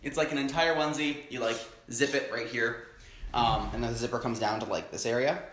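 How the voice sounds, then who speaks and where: Young male mukbang host, excitable and chatty, mid-pitched, roomy echo. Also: a little fast, background noise. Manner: chatty, excitable, frequent hums of enjoyment. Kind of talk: casual chat while eating. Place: home, indoors.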